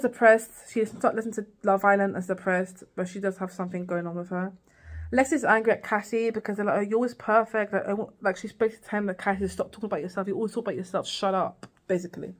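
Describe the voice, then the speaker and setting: A woman vlogging a casual, rambling recap of a TV series, full of "like" and "girl" asides. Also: mid-range voice.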